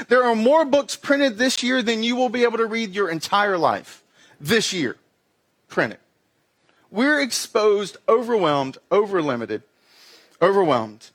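A middle-aged man delivers a sermon in a notably high voice. He keeps it conversational and self-deprecating, slipping into acted-out asides as he tells stories. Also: fairly bright tone. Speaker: pastor.

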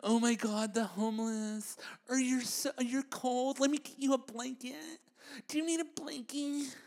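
A man mimicking a fussy, gushing holiday do-gooder in a breathy, half-whispered voice. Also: very high-pitched, steady tone, measured pace, darkish tone, pitched above the performer's own voice.

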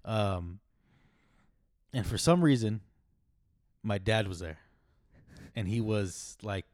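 A young man co-hosting a podcast, talking casually and haltingly, often restarting his sentences. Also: on the low side, a little mellow, no room sound, studio quality. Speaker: podcast co-host. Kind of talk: casual chat.

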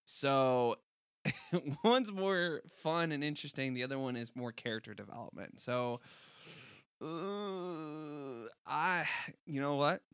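A woman's voice: low-pitched, takes it slowly, clean tone, no echo, studio quality. A woman co-host in casual comedic chat, wisecracking and rambling a little.

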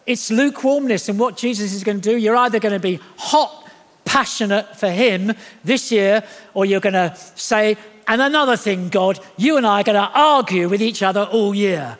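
A man preaching a sermon, his voice sitting high for a man. He is animated and jokey, and he acts out the voices he quotes. A long reverb trails behind him in a church hall. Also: moderate pace.

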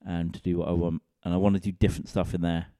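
A man's voice: deep voice, level tone, fast, dark tone, clean tone, no echo, studio quality. A man, a comedian and podcast host, rambling in a casual, sweary, self-mocking solo rant.

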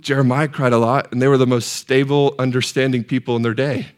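A man preaching a sermon in a church, putting questions to the congregation and swinging from hushed, tender lines to loud, soaring peaks. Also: mid-range voice, level tone, fairly quick. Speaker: pastor. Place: church sanctuary.

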